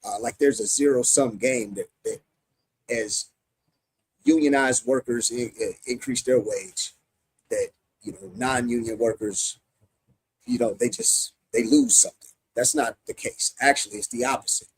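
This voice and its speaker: A man's voice: mid-range voice, sing-song, unhurried, husky, no room sound, low-quality recording. A middle-aged American man, a union president, answering interview questions emphatically, often restarting his sentences. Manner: emphatic, many repeated restarts.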